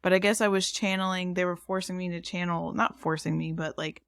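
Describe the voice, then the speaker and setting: A woman's voice: on the low side, steady tone, fairly quick, gravelly, no room sound, clean studio sound. A woman co-hosting a podcast, talking in a chatty, rambling way with frequent restarts. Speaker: podcast co-host. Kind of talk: casual chat.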